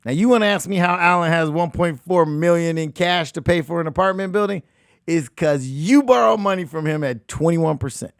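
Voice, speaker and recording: Fired-up guy coaching on money, gravelly kinda high voice, dry close sound. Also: no echo. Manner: emphatic, repeats phrases, laughs, shifts between shouting and hushed asides. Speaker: real estate coach and show host. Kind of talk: animated motivational talk.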